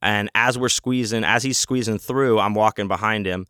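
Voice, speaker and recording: A man tells a rambling, profane story in a relaxed, casual manner. His voice is low and smooth. The recording is dry and close, with no room sound. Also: moderate pace, dry recording. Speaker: convention vendor telling a story.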